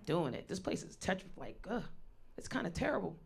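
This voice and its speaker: A woman's voice: fairly low pitch, very animated, fairly quick, vocal fry, crowd noise. A woman in her thirties doing a stand-up comedy set, blunt, profane and conversational as she tells her stories. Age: 30s. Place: live stage venue.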